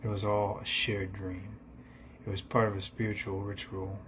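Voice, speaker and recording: A man narrates an absurd comic ghost story in a deadpan, rambling manner, at times dropping to a whisper. His voice sits low. A faint ambient hum stays under the recording. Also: normal speed.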